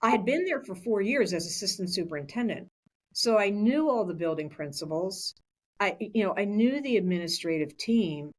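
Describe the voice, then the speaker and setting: A woman's voice: mid-range voice, expressive, normal speed. A woman in her sixties, a school superintendent, talking in a chatty way with many restarts in a podcast interview. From Philadelphia area, USA.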